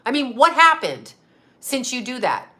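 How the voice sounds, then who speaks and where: A woman's voice: high voice, sing-song, sharp tone, a little hiss or hum. Angry middle-aged woman on a livestream. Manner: angry, profane, confronting a critic with rapid-fire questions. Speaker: psychic medium. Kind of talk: heated livestream rant to viewers.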